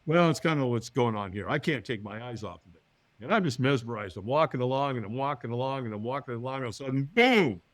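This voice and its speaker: A man telling a personal story as a podcast guest, acting out the other people's lines in higher voices and often checking in with "right?". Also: fast talker, dry recording. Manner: acts out quoted voices, often with a higher pitch; lively, talks to the listener with "right?".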